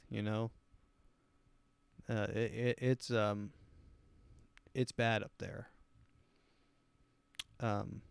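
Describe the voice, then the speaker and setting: A male podcast host rambling through a casual comedic monologue, crude and amused at his own jokes. He speaks very slowly, in a smooth, clean voice of middling pitch. The sound is close and dry. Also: no echo.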